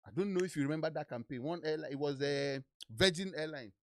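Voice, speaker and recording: A man with a Nigerian accent, hosting a podcast and telling lively anecdotes, acting out the people he quotes. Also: a little high, quick pace. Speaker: podcast host. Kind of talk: casual storytelling chat.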